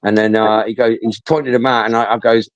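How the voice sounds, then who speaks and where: A man's voice: mid-range voice, fairly quick, dry recording, highs cut off. London geezer in his 50s, swearing nonstop, rambling stories, dry close sound. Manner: swears a lot, rambling, animated storytelling. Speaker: talker recounting stories. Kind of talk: casual chat.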